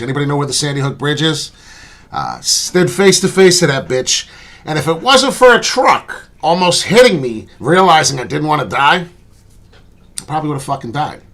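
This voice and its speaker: A man hosting his own crypto channel delivers an off-the-cuff vlog monologue, earnest and blunt, rambling with plenty of "uh" and "right?" and swearing freely. His voice is slightly high, bright and forceful.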